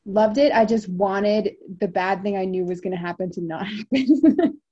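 A woman's voice: mid-range voice, normal speed, mellow, husky, dull audio. Chatty teasing woman co-host. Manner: chatty, teasing, says "like" a lot. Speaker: podcast co-host. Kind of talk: casual chat.

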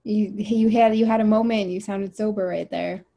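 A woman co-hosting a relaxed podcast chat, teasing and loose in how she talks. She leans on "like" as she works through her thoughts, with an ordinary middle pitch. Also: moderate pace, creaky. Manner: chatty, teasing, says "like" a lot. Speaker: podcast co-host. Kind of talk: casual chat.

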